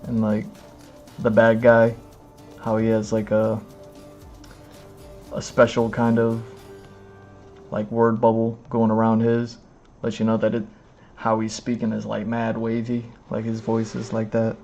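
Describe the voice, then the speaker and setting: Rambling man, flat mellow voice. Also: on the low side, measured pace, pauses often, lo-fi sound, faint music behind. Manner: rambling, lots of "like" and "you know what I mean". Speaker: streamer reading comics. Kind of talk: casual live-stream commentary.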